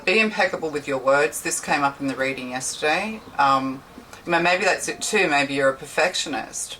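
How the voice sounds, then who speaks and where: A woman's voice: low-pitched, a bit bright. A woman giving a casual tarot reading, chatty and rambling, often correcting herself mid-sentence. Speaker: tarot reader. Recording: slightly distant mic with faint background hiss.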